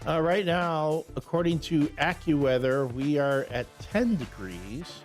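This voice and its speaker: A man's voice: on the high side, expressive, measured pace, faint music behind. A man co-hosting a morning radio show in a studio, talking loosely with fillers and restarts. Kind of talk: casual morning radio chat. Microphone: studio microphone.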